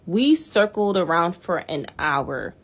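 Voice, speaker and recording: A woman's voice: lowish voice, big pitch swings, slow. Profane, exasperated young woman telling stories. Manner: blunt, profane, exasperated storytelling. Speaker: storyteller. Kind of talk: casual storytime vlog.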